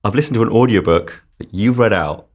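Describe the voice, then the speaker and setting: A man hosting a radio film interview, asking questions with quick, playful banter. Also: fairly low pitch. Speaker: radio film critic host.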